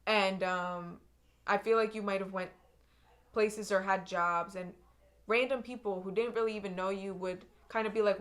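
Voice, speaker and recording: A woman's voice: mid-range voice, fairly even intonation, normal speed, a bit bright. A young woman giving an intuitive tarot reading to her viewers, earnest and emotional, often repeating and restarting her phrases. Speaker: tarot reader.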